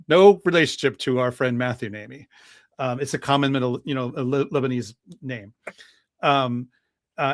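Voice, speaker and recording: A priest telling a church history story in a lively talk-show conversation, with plenty of fillers and restarts. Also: male voice, medium pitch, no echo, clean studio sound. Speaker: guest priest.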